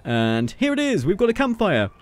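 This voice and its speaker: A man's voice: high voice, wildly swooping pitch, normal speed. A man giving casual gameplay commentary as a video creator, playful and jokey, teasing the character on screen.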